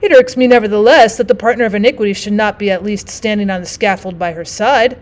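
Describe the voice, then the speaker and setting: A woman reading the part of a bitter, learned older male stranger, in a grave and measured manner. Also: mid-range voice, a little mellow, lightly acted.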